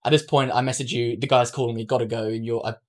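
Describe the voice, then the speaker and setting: A man's voice: mid-range voice, level tone, quick pace. A young man from London, a podcast co-host, telling a travel mishap story in casual chat and acting out the dialogue. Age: young adult.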